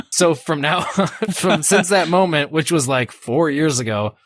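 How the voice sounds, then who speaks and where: A man's voice: on the high side, animated, unhurried, dry recording. A man co-hosting a podcast in casual chat, telling stories in an easygoing way. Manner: easygoing, storytelling, laughs often. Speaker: podcast co-host.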